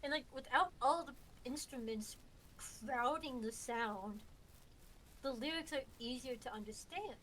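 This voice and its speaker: A woman hosting a livestream in casual chat, excitable and swearing, often tripping over her words. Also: high voice, measured pace, a little hiss or hum. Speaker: livestream host.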